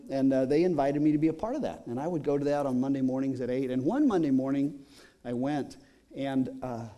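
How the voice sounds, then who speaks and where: Middle-aged male pastor, slightly high but mellow voice, loose conversational sermon with lots of "uh"s, in a church. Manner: conversational storytelling with many fillers.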